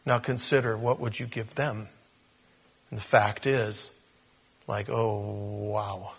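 Husky-voiced man preaching with humor. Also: lowish voice, flat delivery, slow pace. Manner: conversational and humorous, with acted quotes and laughs. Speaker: pastor. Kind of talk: sermon.

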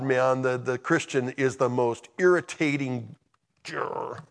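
Male pastor, mid-pitched voice, passionate conversational sermon delivery. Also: slow, creaky, in a large hall.

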